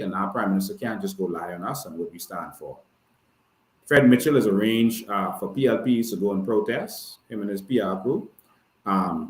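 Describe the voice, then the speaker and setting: A Bahamian man talks on a livestream with fire and emphasis, and keeps checking in with his listeners. His voice sits fairly low, and the room around him is echoey. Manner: fiery and emphatic, often asks "all right?". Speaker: activist hosting a live stream. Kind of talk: impassioned livestream talk.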